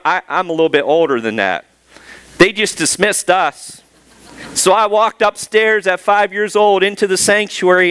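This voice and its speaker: A middle-aged male pastor preaching a sermon, telling a personal story and asking the congregation rhetorical questions, slowing down on key words. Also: sits high, a bit bright, clear, resonant tone.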